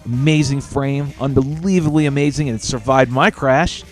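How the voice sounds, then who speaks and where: A man's voice: medium pitch, steady tone, normal speed, faint music behind. A man hosting a casual live show, telling stories animatedly and swearing freely. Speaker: show host.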